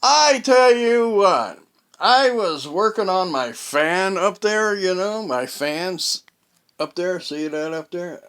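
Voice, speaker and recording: A man tells a story in a casual monologue from his home. His voice sits a little high and he speaks slowly. He halts often, filling gaps with fillers and starting phrases over. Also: lively intonation, fairly bright tone, clear, resonant tone. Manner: rambling and halting, with many fillers and restarts. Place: at home, indoors.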